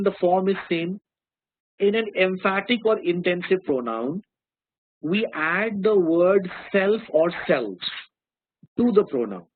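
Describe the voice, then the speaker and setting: This grammar lesson comes from a man with a high, husky voice and an Indian English accent, who patiently explains, repeats important terms, and asks whether students understand. The sound is dry and phone-like, with no echo.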